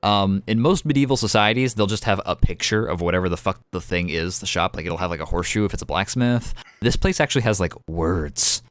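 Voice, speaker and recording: A man's voice: sits low, brisk, hardly any pauses, fairly bright tone, dry recording. A man narrating as game master, casual and full of fillers.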